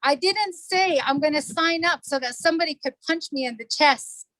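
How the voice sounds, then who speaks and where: A woman's voice: sits high, moderate pace, fairly bright tone, no echo, rough recording. A middle-aged woman, a council delegate, addressing a community meeting in an earnest, emotional way and repeating herself for emphasis.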